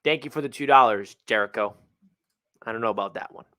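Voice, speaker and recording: A young man hosting a live fan reaction stream, reading out donations and venting about his team with swings between gloom and excitement. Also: medium pitch, brisk. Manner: emotional, reads out donor messages, swings between gloomy and fired-up. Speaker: livestream host.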